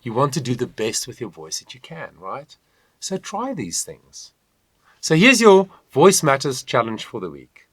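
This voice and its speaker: Animated male voice coach. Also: medium pitch, measured pace, husky, no echo. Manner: animated, encouraging, demonstrates with hums and sung lines. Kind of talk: online vocal lesson.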